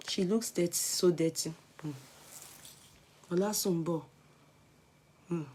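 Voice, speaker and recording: Her voice fairly low and a little mellow, a woman with a Nigerian accent talks casually to viewers in a live chat while selling clothes as a vlogger. She encourages them emphatically, almost preachily, frequently falling to a whisper, with a slight background noise behind her.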